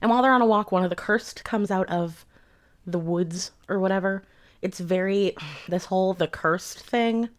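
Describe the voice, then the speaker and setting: A woman's voice: medium pitch, normal speed. A young adult woman giving a rambling, sarcastic book review in a casual rant, swearing freely.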